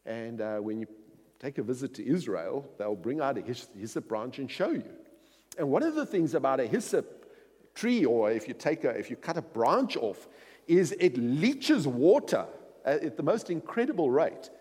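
A man's voice: mid-range voice, sing-song, normal speed, darkish tone, slightly rough. A middle-aged man preaching a sermon through rambling personal anecdotes full of fillers. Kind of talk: storytelling sermon. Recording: long hall reverb.

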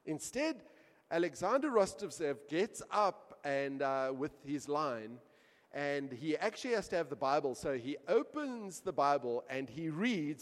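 Male pastor mid-sermon, dynamic delivery from hushed to loud, church-hall reverb. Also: on the high side, sing-song, measured pace. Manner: swings from quiet asides to loud emphatic storytelling.

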